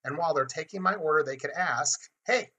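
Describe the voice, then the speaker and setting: A man's voice: fairly high pitch, quick pace, pushed and bright, dull audio. A man hosting a marketing webinar in a chatty teaching manner, often acting out little dialogues. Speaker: webinar host.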